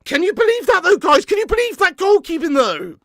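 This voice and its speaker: A man hosting a live football watch-along, swearing freely, getting excited and reading out viewer comments. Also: extremely high pitch, brisk, no echo, clean studio sound. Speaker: fan channel host.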